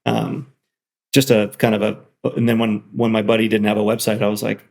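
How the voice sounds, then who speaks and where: A man being interviewed as a software founder, talking casually with lots of restarts and excited asides. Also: fairly low pitch, fast, creaky.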